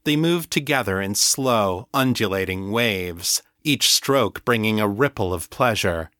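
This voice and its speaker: A man reading an audiobook story in calm, measured scripted narration. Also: fairly low pitch, no echo, clean studio sound.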